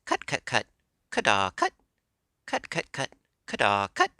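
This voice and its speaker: A man voicing a proud, indignant yellow hen with a shrill, clucking voice in a storybook reading. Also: very animated, measured pace, gravelly, dry recording, studio quality, heavily acted. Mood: cackling. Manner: clucking, huffy. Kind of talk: audiobook character voice.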